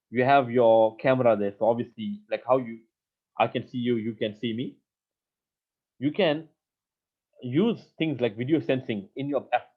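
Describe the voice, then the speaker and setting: Man teaching coding over tinny audio. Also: mid-range voice. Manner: patient, step-by-step explaining, often repeats words. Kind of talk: live online coding lesson.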